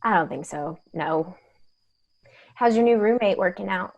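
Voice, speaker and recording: A woman's voice: mid-range voice, animated, highs cut off. An actress playing a young woman tow truck driver who talks in a wry, confiding way. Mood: resigned. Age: young adult. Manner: wry, confiding, quick to laugh. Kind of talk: audio drama acting.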